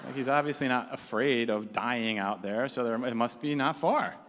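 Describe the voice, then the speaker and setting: A man telling a personal story on stage, lively and animated, slipping into the voices of the people he describes. His voice is mid-pitched, and a long hall reverb trails behind every phrase. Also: moderate pace, a little hiss or hum. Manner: animated, acts out the people he quotes.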